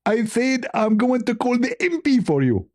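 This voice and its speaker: A man's voice: very high voice, sing-song, moderate pace, a little mellow, voice pushed up, full character voice. A man putting on the voice of an indignant male debate opponent, scolding and mocking. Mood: scolding, gloating. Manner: scolding, mocking, repeats "get a breath".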